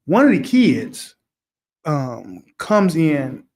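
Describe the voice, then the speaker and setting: High-voiced man telling a story. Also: very slow. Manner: animated, repetitive, gets loud retelling. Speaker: podcast co-host. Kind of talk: casual storytelling chat.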